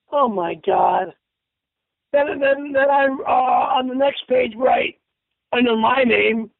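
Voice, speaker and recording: A man's voice: very high voice, animated, unhurried, gravelly, no room sound. A man ranting in a furious, profane, stammering way as he reads out posts on a comic radio call. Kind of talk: angry comic radio rant. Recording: tinny phone line on radio.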